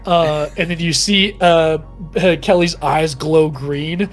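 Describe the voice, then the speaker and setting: A man's voice: on the high side, fairly even intonation, slow pace, faint music behind. A man running a tabletop game, narrating in a loose, casual way. He fills his speech with likes and uhs as he describes the action. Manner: casual, filler-heavy. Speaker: game master.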